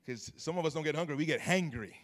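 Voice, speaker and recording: High-voiced pastor preaching with swings in volume. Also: male voice, quick pace. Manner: storytelling preacher, swinging from low asides to loud emphatic calls; talks to the congregation and asks for responses. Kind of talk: sermon. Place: church.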